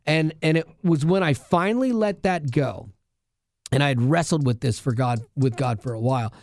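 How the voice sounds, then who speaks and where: Earnest, higher-pitched man telling a story. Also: moderate pace, darkish tone. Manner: earnest storytelling with many restarts. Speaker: radio show co-host. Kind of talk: casual podcast chat.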